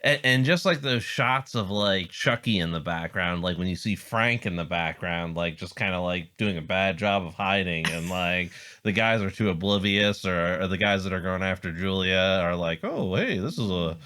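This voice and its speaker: A man co-hosting a podcast in casual chat, excitable and full of filler words. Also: deep voice, moderate pace, few pauses, clean tone. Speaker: podcast co-host.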